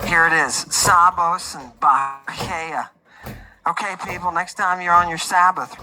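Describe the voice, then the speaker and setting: A man hosting a lively livestream lecture, joking and swinging between loud outbursts and muttered asides. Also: fairly high pitch, unhurried, slight background noise, rough recording. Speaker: host.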